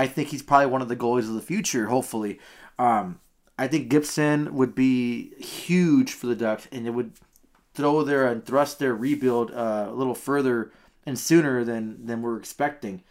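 A man with a mid-range voice argues his point on a sports podcast. He speaks emphatically and insistently, with casual fillers and repeated words. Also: medium pitch. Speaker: podcast co-host, sports writer.

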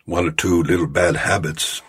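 A man doing an impression of a deadpan older male humorist in his seventies, with a Southern accent and slightly jerky phrasing. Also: low voice, normal speed, slightly rough, exaggerated voice. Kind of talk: storytelling impression.

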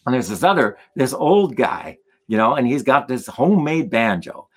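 A man telling stories in conversation as a guest musician, animated and acting out the voices of the people in them. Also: mid-range voice, moderate pace, breathy edge. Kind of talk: storytelling in a conversation.

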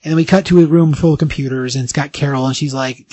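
A man hosting a podcast, casually recapping a comic book story in an animated way, briefly acting out the characters' lines. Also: fairly high pitch, quick pace, hardly any pauses, slightly rough, dry recording. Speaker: podcast host.

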